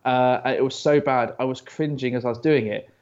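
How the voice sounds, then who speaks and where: A man's voice: medium pitch, fairly even intonation, moderate pace, a little mellow, muffled recording. A British man chatting as an interview guest, often stammering and restarting, telling stories. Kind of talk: casual interview chat.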